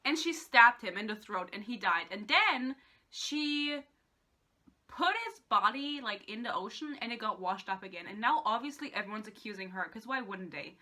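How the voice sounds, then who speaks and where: A woman's voice: fairly high pitch, animated, normal speed, bright, forceful tone. Sarcastic young woman ranting about a book. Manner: sarcastic, exasperated, swears freely. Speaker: book vlogger.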